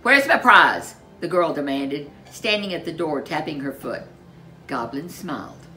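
A woman reading a children's storybook aloud as narrator, in an expressive, unhurried way. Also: deep voice, soft background music.

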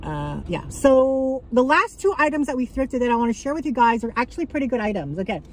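A woman with a slightly high voice chats straight into her phone for a casual vlog. She talks bluntly and swears freely, gushing one moment and irritated the next. Faint traffic noise hums behind her. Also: a little fast, low-quality recording. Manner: blunt, profane and animated, swinging between excitement and annoyance. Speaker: vlogger. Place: car and grocery store.

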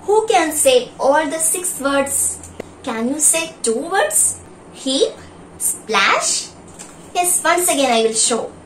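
A woman's voice: high voice, expressive. A woman teaching an online primary school class, reading a story aloud and coaxing children through a list of words. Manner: slow, deliberate, coaxing, questions to children. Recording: roomy and distant, faint background hum.

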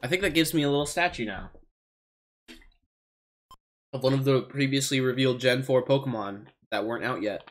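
A man's voice: medium pitch, fairly bright tone. A man streaming a video game, reading its text aloud between jokes and swearing. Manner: jokey, profane, reads game text aloud. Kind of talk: casual gameplay commentary.

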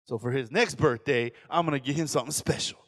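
Animated pastor in a reverberant hall. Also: male voice, medium pitch, quick pace. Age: 40s. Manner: animated, acts out quoted voices, asks audience questions. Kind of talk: sermon lecture.

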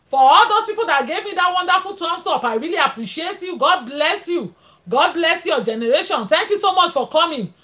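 A woman's voice: very high voice, a bit bright. A Nigerian woman hosting a live stream in casual chat, laughing often and switching into pidgin as she thanks viewers. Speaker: livestream host.

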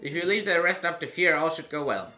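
Man voicing an old male sage, solemn, stilted, formal game dialogue, brightish voice. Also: fairly high pitch, lively intonation, fairly quick, faint music behind, voice pushed up.

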